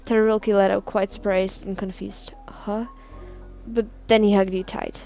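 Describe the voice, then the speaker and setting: A young woman who reads her own fan fiction aloud in a soft, giggly, apologetic way. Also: mid-range voice, level tone, brisk, creaky, soft background music.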